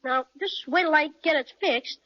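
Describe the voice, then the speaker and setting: A woman playing an excitable young boy who speaks in eager exclamations, in a radio play on a dull lo-fi recording. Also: sits high, normal speed, close to an everyday voice. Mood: excited.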